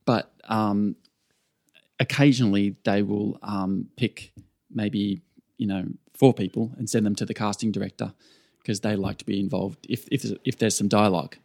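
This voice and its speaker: A man's voice: fairly low pitch, fairly even intonation, moderate pace, gravelly, a little mellow, no echo, clean studio sound. A man with an Australian accent, a stunt performer, telling stories in a laid-back podcast interview with lots of fillers and restarts. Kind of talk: casual storytelling interview.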